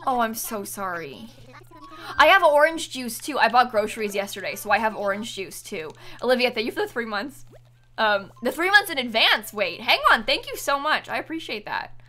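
A woman's voice: fairly high pitch, lively intonation, normal speed, sharp tone. A young woman chatting on a live stream while gaming, giggly and apologetic, thanking viewers as she plays.

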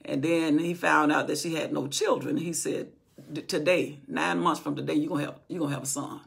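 A woman retells a Bible story from memory in a relaxed teaching style, acting out the quoted speech of its characters. Her voice is low and slightly rough with vocal fry, her tone steady and her pace a little fast.

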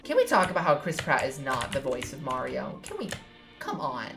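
A woman's voice: extremely low pitch, huge pitch swings, moderate pace, creaky, music in the background. A young woman from New York giving playful, swear-filled commentary while playing a video game. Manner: playful, swears, squeals when jumping. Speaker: gaming streamer. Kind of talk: casual let's-play commentary.

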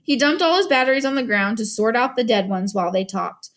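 A woman narrating an audiobook in an expressive storytelling manner, doing voices for each character. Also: fairly high pitch, fairly quick, hardly any pauses.

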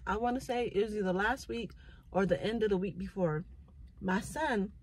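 Speaking at a normal speed in a medium-pitched, slightly mellow voice, a mother reflects casually but earnestly on faith and family, sounding preachy and heartfelt. The low-quality recording carries a little hiss or hum.

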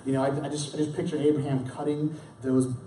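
This young adult or middle-aged pastor has a fairly high, warm voice that moves little in pitch, and he preaches at a quick pace. In a roomy church hall with a far-off mic and slight hiss or hum, his conversational sermon is marked by restarts and dramatic acted lines from the story.

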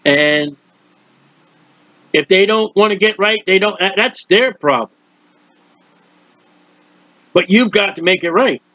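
Folksy older preacher, high voice. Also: male voice, expressive, slow, long pauses, bright, forceful tone, no echo. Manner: earnest, folksy and rambling, acting out prayers and quotes. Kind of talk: sermon. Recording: dull, lo-fi recording.

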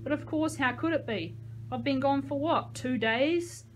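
A woman's voice: high voice, measured pace, faint music behind, pitched above the performer's own voice. A woman doing a slurring, giddy drunk young man. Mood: rambling. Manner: slurred, loud, overly jolly.

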